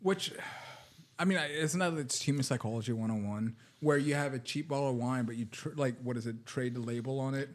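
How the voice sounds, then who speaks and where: A man with a mid-range voice co-hosts a casual comedy podcast. He is easygoing and quick to laugh, and he keeps the talk going with curious follow-up questions. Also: mid-range voice. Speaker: podcast co-host.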